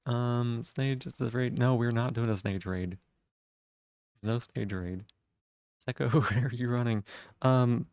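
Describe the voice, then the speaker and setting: A man's voice: medium pitch, unhurried, long pauses, a little mellow, clear, resonant tone, no room sound, clean studio sound. A man live-streaming, chatting casually with viewers in a teasing way and swearing freely.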